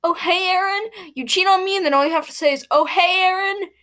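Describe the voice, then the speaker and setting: Woman reading as a betrayed young guy, bitter and hurt, fairly high voice, storybook reading. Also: brisk, fairly bright tone. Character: heartbroken angry young man, betrayed boyfriend.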